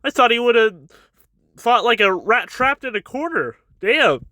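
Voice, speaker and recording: A naive, earnest young gentleman voices his surprise and disbelief, as a man reads him. The voice is high and bright. The recording is dry and close. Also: expressive, measured pace, no echo, full character voice. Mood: surprised.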